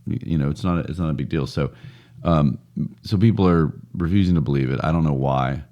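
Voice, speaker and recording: A man's voice: extremely low pitch, a little fast, mellow, highs cut off. A man co-hosting a casual podcast, chatty and joking, often laughing at his own stories. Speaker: podcast co-host.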